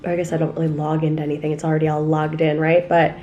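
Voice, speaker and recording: Talking fast in a low, level, mellow voice, a young woman rambles through a self-deprecating, candid confessional vlog in her city apartment. The recording is muffled, with faint music behind her.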